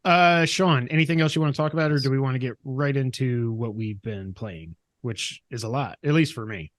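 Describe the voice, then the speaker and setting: A man's voice: mid-range voice, brisk, no room sound. A man talks casually on a podcast, teasing his co-host and rambling through his thoughts. His voice sits mid-range. It is recorded close and dry, with no room sound. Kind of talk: casual chat.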